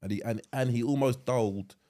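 A man co-hosting a podcast in casual chat, talking in loud bursts with lots of laughing and repeated words. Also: medium pitch, a little fast. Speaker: podcast co-host.

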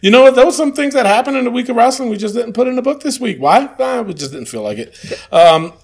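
A man's voice: extremely high pitch, lively intonation, fast talker. A man co-hosting a casual chat show, talking hesitantly with lots of fillers and dry verdicts. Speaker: podcast co-host.

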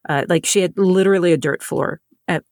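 A woman's voice: on the low side, brisk, a little mellow, no echo, clean studio sound. A woman from North Carolina, an author and narrator, talking in an interview in a thoughtful way, often restarting and repeating words. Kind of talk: conversational interview.

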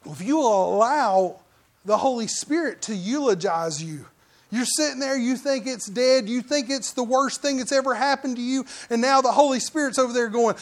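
A middle-aged man preaching a conversational sermon as pastor, breaking into loud mock outbursts now and then. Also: very high-pitched, moderate pace.

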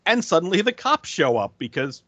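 A man's voice: high voice, very animated, fairly quick, fairly bright tone, slightly rough, no echo. A man co-hosting a podcast, recapping a film in casual chat and laughing often as he acts out lines. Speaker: podcast co-host. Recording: dry, dull lo-fi audio.

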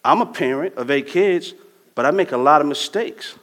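A middle-aged man preaching in a loose, chatty storytelling manner, dropping casual slang as he goes. His voice sits a little high for a man. A long hall reverb trails after his words. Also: normal speed. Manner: conversational, animated storytelling with slang. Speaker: pastor. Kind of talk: sermon.

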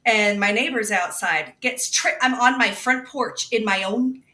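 A woman's voice: a little high, a little slow, pushed and bright, roomy sound, far from the mic. A woman talking as a guest reporter in a casual political chat, rambling with restarts and frequent laughs.

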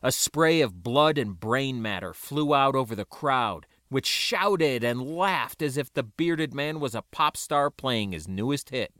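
A man narrating a first-person story aloud in an expressive reading. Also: medium pitch, a little slow, few pauses, dry recording, clean studio sound. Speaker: audiobook narrator.

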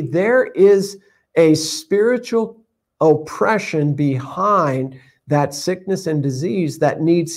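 A man's voice: on the high side, a little mellow. A man teaching from the Bible on a live stream, reading scripture aloud and explaining it in a conversational way. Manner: conversational, reads scripture aloud, many fillers.

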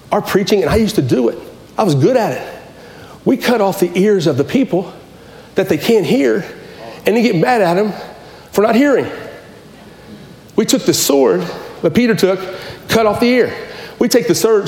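Man, pastor, sermon, high-pitched, fervent, repeats himself, roomy echo. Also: expressive, brisk, darkish tone. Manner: impassioned, repetitive preaching with restarts.

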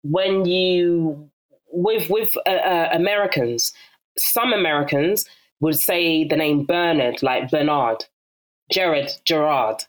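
A woman's voice: fairly low pitch, slow. A young woman with a South London accent, telling stories in a casual interview and acting out other people's voices. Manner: animated storyteller who acts out voices, laughs often. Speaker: guest.

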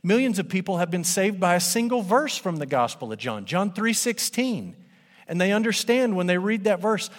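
A man preaching a sermon as pastor, animated and conversational, speaking to a congregation in a church. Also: sits high, normal speed. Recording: long hall reverb.

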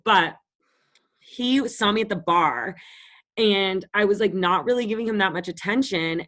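A young woman in her late twenties co-hosts a podcast and chats casually. Her voice sits a little low, and she tells her stories bluntly, swears freely and speaks with confidence. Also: a bit bright. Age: late 20s. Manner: blunt, profane storytelling. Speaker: podcast co-host. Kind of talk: casual chat. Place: Los Angeles.

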